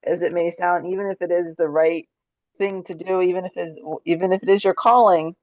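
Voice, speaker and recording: A woman's voice: on the low side, fairly even intonation, brisk, darkish tone, no room sound. A woman podcast host who reflects on and affirms what her guest said, in a conversational way. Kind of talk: conversational interview. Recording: dull, dry lo-fi sound.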